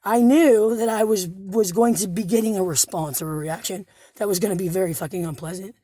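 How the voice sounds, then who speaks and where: Hoarse, profane woman recounting to camera. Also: mid-range voice, fairly quick, mellow. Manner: agitated, profane, repetitive restarts. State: hoarse, injured throat.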